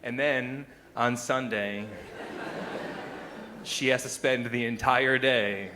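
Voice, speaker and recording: A man performing a stand-up comedy monologue on stage, telling stories in an animated way that swings between hushed and loud. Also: medium pitch, slow, background noise.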